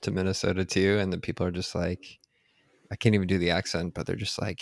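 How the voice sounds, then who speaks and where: Low gravelly guy hosting a podcast, laid back, laughs a lot, dry close sound. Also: fast talker, no room sound. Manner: relaxed, laughs easily while asking questions. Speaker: podcast host. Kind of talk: casual interview chat.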